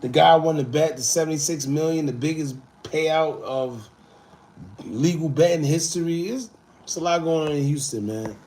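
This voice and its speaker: Male stream host, casual and animated, slightly high voice, faint background noise. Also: moderate pace. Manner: laid-back, animated, swings between loud and muttered asides. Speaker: livestream host. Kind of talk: casual livestream chat reading comments.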